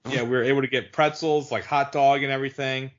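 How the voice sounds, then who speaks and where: A man's voice: mid-range voice, fairly even intonation, quick pace. A man co-hosting a podcast, chatting casually and rambling with lots of "like" and restarts. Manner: rambling, heavy use of "like", restarts. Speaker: podcast co-host. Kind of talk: casual chat. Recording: dull lo-fi audio.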